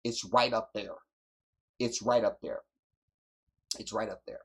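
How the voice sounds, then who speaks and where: A man's voice: on the low side, steady tone, unhurried, husky. A man hosting a livestream, giving emphatic, preachy commentary and repeating his points for effect. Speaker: livestream host.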